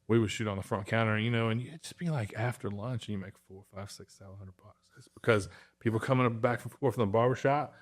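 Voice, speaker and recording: Male host, laid-back and profane, spins anecdotes in a relaxed chat. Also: lowish voice, fast talker. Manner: profane storyteller, acts out quotes. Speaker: podcast host. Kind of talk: casual chat.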